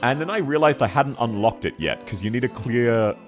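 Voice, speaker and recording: A young man chatting with his live-stream audience as he plays, his voice climbing and dipping with lively swings. He rambles from tangent to tangent, swears freely and laughs a lot, with faint game music under him. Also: medium pitch, fairly quick. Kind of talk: casual live-stream chat while gaming.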